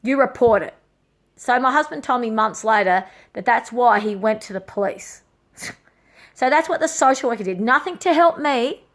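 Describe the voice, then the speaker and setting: A woman's voice: a little high, expressive, moderate pace. Agitated woman telling a raw story. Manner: raw, agitated, swears often, repeats herself. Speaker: vlogger. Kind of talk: emotional personal story.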